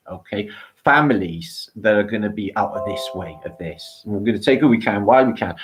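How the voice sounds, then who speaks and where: A middle-aged man, rambling excitably on a live stream, swearing often and laughing between thoughts, worn out from a long walk. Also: mid-range voice. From Wales. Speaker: livestream host.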